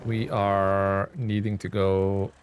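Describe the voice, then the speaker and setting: A young man with a fairly low voice chats loosely with his viewers while he plays, drifting from topic to topic. Faint driving-game sounds sit under his voice. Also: little pitch movement, slow pace, slight background noise. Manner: rambling, talks to chat while playing. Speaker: streamer. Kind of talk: casual gameplay commentary.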